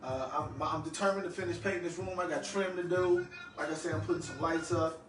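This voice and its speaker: Fifties man, casual vlog talker, slightly high voice, distant and roomy with music underneath. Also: fairly even intonation, a little fast. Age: 50s. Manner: loose, chatty storytelling with frequent asides to the listener. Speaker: vlogger. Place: home room he calls his lab. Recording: roomy, far from the mic, music behind.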